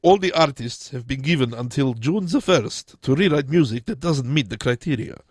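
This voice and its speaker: A man's voice: mid-range voice, animated, normal speed, no echo, clean studio sound. A man presenting a radio show, chatting casually through odd news stories in a rambling, jokey way with lots of restarts. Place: radio studio.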